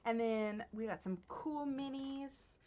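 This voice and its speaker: A woman hosting a knitting podcast, chatting casually to her viewers, excitable and gushing, laughing often and swinging between hushed and loud. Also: a little high, slow, muffled recording. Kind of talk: casual unboxing chat to viewers.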